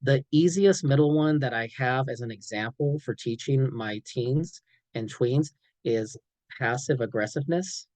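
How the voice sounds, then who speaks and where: A man giving a clinical training presentation in an animated way, checking in often and acting out examples. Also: medium pitch, unhurried, dry recording, rough recording. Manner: animated, frequent "okay?" check-ins, acts out examples.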